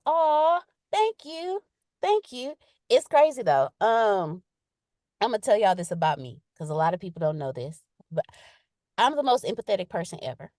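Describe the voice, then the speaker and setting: A woman with a lowish voice talks casually in a live leadership session, captured in clean, dry studio sound. She reads out viewer comments, repeating them emphatically, in a chatty, direct way. The casual motivational talk is animated and playful, and she does quotes in exaggerated voices.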